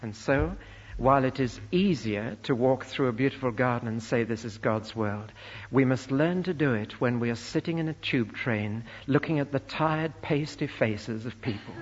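A man preaching a sermon, earnest and emphatic, slowing down to stress key phrases. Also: medium pitch, slightly rough. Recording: lo-fi recording in a reverberant church.

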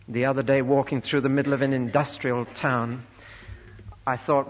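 A man preaching a sermon, earnest and emphatic, slowing down to stress key phrases. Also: medium pitch, fairly even intonation. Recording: lo-fi recording in a reverberant church.

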